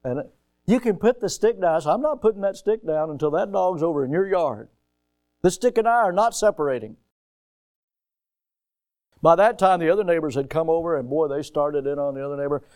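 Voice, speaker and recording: A man preaching a sermon, telling stories with sudden loud rises and often repeating his words as he starts a thought. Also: fairly high pitch, a little fast, pauses often.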